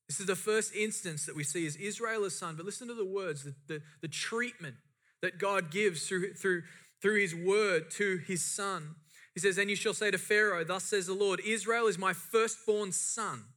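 Man, pastor preaching, high-pitched, bright, passionate emphasis. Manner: impassioned, rising and falling emphasis. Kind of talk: sermon.

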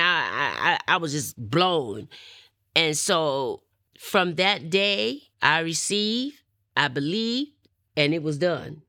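Low-voiced woman telling her testimony. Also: no room sound, clean studio sound. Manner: animated, acts out the people in her story. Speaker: interviewee. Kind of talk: personal testimony storytelling.

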